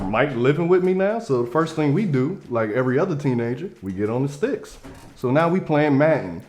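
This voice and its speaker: A man's voice: a little high, very animated, a little fast. A young man telling a comedic story in a casual way, acting out the quoted lines in different voices.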